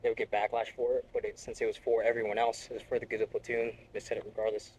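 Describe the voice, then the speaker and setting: A man's voice: on the low side, little pitch movement, racing, darkish tone, a little hiss or hum, low-quality recording. A young man, a Marine reservist, talking bluntly and profanely in a casual interview.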